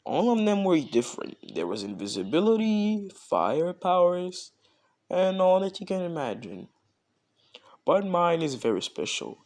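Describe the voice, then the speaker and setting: A man's voice: sits high, big pitch swings, measured pace, a little mellow, pitched above the performer's own voice. A man voicing a powerful male villain who talks formally and politely. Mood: explaining.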